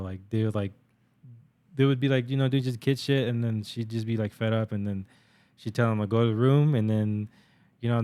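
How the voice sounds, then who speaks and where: A man's voice: lowish voice, darkish tone. A young man co-hosting a podcast, telling stories in a rambling, profane casual chat with many fillers. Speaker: podcast co-host.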